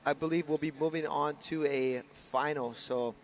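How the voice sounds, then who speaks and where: Guy calling a paddling race, fairly high voice, upbeat. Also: fairly even intonation, moderate pace. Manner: upbeat, announces lanes and crews. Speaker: race commentator. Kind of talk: live sports commentary.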